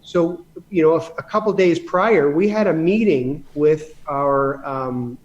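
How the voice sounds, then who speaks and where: Canadian man, guest on a chat show, slightly high voice, rambles and restarts, emphatic asides. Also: unhurried, a little mellow, highs cut off. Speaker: podcast guest, real estate investor. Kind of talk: casual storytelling in conversation.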